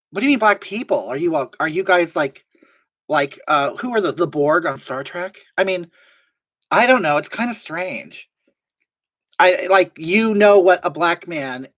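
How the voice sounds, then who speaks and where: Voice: mid-range voice, a bit bright, slightly rough. A performer doing a brash gossipy woman streamer. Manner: rambling, indignant, reads chat aloud. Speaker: livestream host. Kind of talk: live-stream character comedy.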